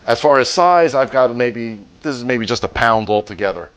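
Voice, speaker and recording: A man hosting a home cooking demonstration, talking through each step in a relaxed, jokey way with the odd pun. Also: medium pitch, normal speed. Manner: relaxed, jokey, cracks puns. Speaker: cooking show host.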